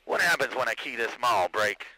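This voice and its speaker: A man's voice: medium pitch, animated, fairly quick. A man trash-talking and boasting in drawling, profane CB radio banter, heard over a crackly radio transmission. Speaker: CB radio operator.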